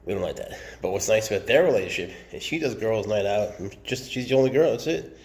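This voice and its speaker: A man's voice: lowish voice, animated, fast talker, a little mellow. A man who keeps snakes, talking casually in a chatty, joking way and speaking tenderly to the animals he handles. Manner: chatty, jokey, talks tenderly to his snakes. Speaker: snake keeper. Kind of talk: casual show-and-tell vlog.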